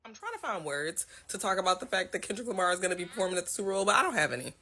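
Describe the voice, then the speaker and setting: A woman talking casually in an excited, gushing way, laughing between remarks. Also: medium pitch, rapid-fire. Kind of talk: casual opinion video.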